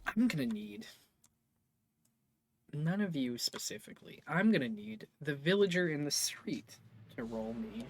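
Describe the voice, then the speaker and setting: A man's voice: on the high side, very animated, unhurried, pauses often, slight background noise. A man narrating as game master of a tabletop game, rambling and correcting himself as he goes.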